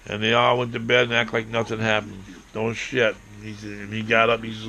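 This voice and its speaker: Man, rambling profane storyteller, gravelly, sharp tone. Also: fairly low pitch, completely flat delivery, brisk, slight background noise. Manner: rambling, profane, acts out quotes, bursts into shouting. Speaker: vlogger telling a personal story.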